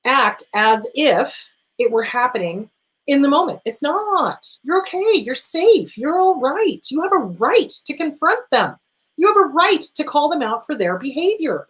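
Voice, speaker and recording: A middle-aged woman therapist hosting an advice show, answering viewer questions in an emphatic, animated way and talking straight to the listener. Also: sits high, low-quality recording. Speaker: therapist host.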